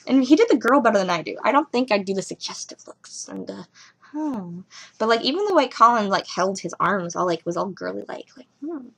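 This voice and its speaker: A young woman talks loosely and at length about a show, jumping between thoughts with giggles and lively asides. Her voice sits at a middling pitch. She records casually at home on a webcam. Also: fairly quick, gravelly, breathy edge. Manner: rambling, giggly, animated asides. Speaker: vlogger reviewing a TV episode. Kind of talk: casual rambling chat.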